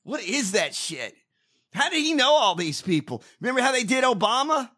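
A man hosting a podcast, ranting loudly and profanely, often breaking into shouts. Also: very high voice, big pitch swings, normal speed. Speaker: podcast host. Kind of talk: profane political rant.

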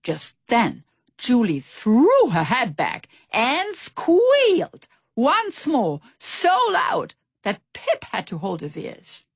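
A woman reading a children's storybook aloud with expressive, animated delivery. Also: a little high, slow pace, vocal fry, slightly rough, no room sound, studio quality. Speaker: narrator.

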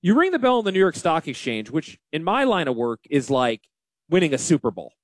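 Guy hosting a money radio show, high voice that jumps all over, jokey and loose. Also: brisk, no room sound, studio quality. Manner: animated, joking, self-deprecating. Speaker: financial advisor and radio host. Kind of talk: casual radio chat.

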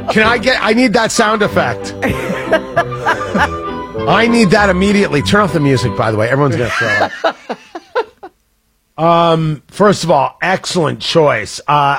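Give me a self-mocking Midwestern radio host who laughs often. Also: male voice, on the high side, animated, measured pace, long pauses, music in the background. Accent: American Midwest. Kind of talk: morning radio banter.

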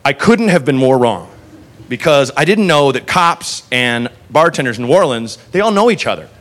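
A male stand-up comedian telling a story on a club stage, animated, with shouty punchlines. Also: medium pitch, normal speed. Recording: live club recording with crowd noise. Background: laughing audience.

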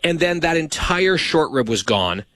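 A man's voice: on the high side, very animated, measured pace, fairly bright tone, no echo. A man hosting a casual chat, telling stories with wry, teasing humor. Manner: dry teasing, wry storytelling. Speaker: show host.

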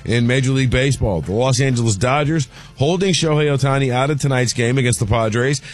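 A man reading a brisk sports news update on a radio show. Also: medium pitch. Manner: brisk, newsy delivery.

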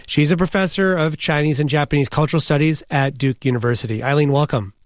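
A male news host interviewing a guest in a measured, conversational way. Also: fairly high pitch, fairly even intonation, dry recording, clean studio sound.

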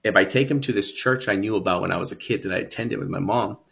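A man with a fairly low voice speaks as a guest in an interview. He recounts his life earnestly and reflectively, repeating words as his thoughts build. Nothing here is acted; it is his own voice, talking plainly. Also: fast, creaky, a bit bright. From San Antonio, Texas. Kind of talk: personal storytelling interview.

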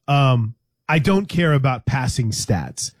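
A man's voice: mid-range voice, very animated, slow, husky, no room sound, studio quality. A man hosting a sports talk show, chatting casually and teasing his co-host, often restarting his sentences.

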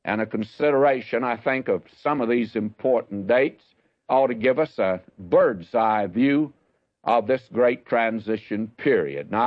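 An older man giving a measured, folksy Bible history lecture. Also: medium pitch, no room sound. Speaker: Bible teacher. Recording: dull, lo-fi dry recording.

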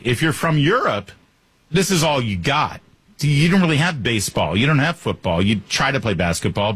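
A man's voice: lowish voice, fairly bright tone, slightly rough, no echo. A male talk radio host delivering a sarcastic, joking monologue into a studio microphone.

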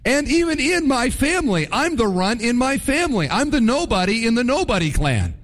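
A man's voice: high-pitched, very animated, unhurried, fairly bright tone, in a large hall, voice pushed up, heavily acted. Gideon, a man doing a whiny reluctant farmer. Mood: whining. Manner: complaining, pleading.

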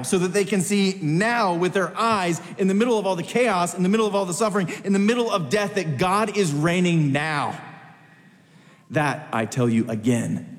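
A man preaching a sermon with emphatic, repetitive phrasing, his voice climbing high for urgency and dropping low for weight. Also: long reverb tail. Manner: emphatic, swings between rising high urgency and low drops.

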